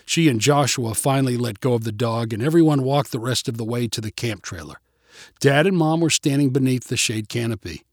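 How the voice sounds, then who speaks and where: A man narrating a storybook in an expressive, even-paced way. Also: medium pitch, fairly quick, no room sound, studio quality. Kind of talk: storybook reading.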